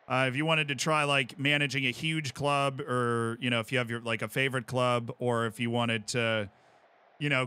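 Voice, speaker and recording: A man in his twenties with an American accent, chatting casually on a live stream as he plays a game and reads out chat, bursting into excited yells. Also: mid-range voice, clean tone. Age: 20s. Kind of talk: casual live-stream commentary while gaming.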